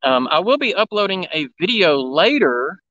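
A man's voice: high-pitched, big pitch swings, moderate pace, pushed and bright, no echo. Chatty man on a lo-fi phone stream. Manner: rambling, chatty, greets viewers by name. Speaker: railfan livestreamer. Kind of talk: casual live stream commentary. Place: outdoors beside railroad tracks. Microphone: cell phone. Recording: lo-fi phone live stream audio. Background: background noise, running engines.

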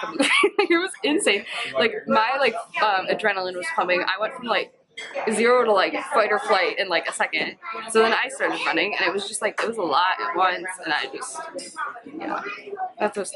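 A woman's voice: mid-range voice, rough recording. A young woman vlogging casually on a handheld phone camera, chatty and giggly, full of "like" fillers. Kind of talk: casual vlog chat. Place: in a car, store and diner. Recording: crowd noise behind.

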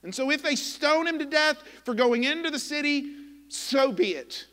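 A man preaching a sermon as pastor, impassioned and emphatic, with dramatic pauses. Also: very high voice, animated, pushed and bright, in a large hall. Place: church sanctuary.

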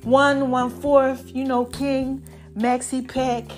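A woman hosting her own podcast, talking in an animated, drawn-out style full of "baby" and "y'all", her voice a little strained from allergies. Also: sits high, soft background music. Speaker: podcast host. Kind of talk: solo podcast talk.

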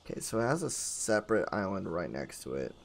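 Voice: sits low, sing-song, a little fast, vocal fry, a little hiss or hum. A solo player giving casual gameplay commentary, talking to themself, playful with gasps and sing-song noises, and grumbling under their breath when frustrated. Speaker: solo game streamer.

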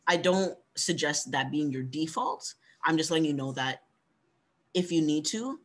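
A man giving a conversational workshop talk on pitching, coaching and encouraging, often ending points with "right?". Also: fairly bright tone. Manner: conversational, frequent "right?" tag questions. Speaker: workshop presenter.

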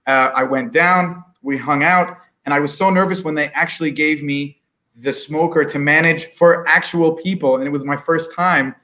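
A man with a fairly high voice speaks as a guest pitmaster in an informal panel chat. He tells his stories in an animated, chatty manner and often restarts his sentences. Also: moderate pace. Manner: animated storyteller, warm and chatty. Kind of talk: casual panel discussion.

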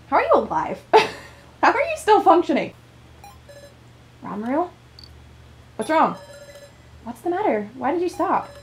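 A woman's voice: high voice, a little mellow. A young woman doing let's play commentary on a horror visual novel. She jumps easily, laughs often and talks back to the characters.

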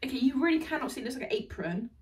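A bubbly young woman with a fairly high voice chats through a fashion haul, laughing now and then. She sits a bit back from the mic, with faint room noise behind her. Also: lively intonation, racing, a little mellow, far from the mic, poor audio. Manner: chatty, bubbly, laughs often. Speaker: fashion vlogger. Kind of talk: casual haul chat.

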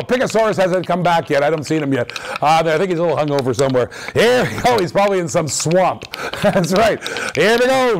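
A man with a high voice hosts a live auction stream, calling out dice throws with energetic, repetitive hype patter.

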